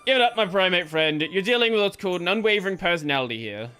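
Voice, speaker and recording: A man's voice: sits high, expressive, quick pace, pushed and bright, faint music behind. A man reading a cheerful, stubborn young gardener's game dialogue aloud in his own voice.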